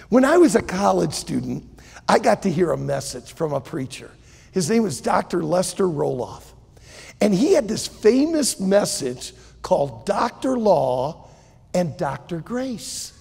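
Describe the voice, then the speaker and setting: A male pastor preaching a sermon, telling a story and swinging between hushed and loud delivery. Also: sits high, big pitch swings, measured pace, creaky, slightly rough, long reverb tail.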